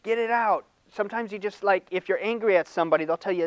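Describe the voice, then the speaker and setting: An older man preaching a sermon in an animated, conversational way, laughing and acting out mock voices. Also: high voice, fast, few pauses, dry recording, lo-fi sound. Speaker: pastor.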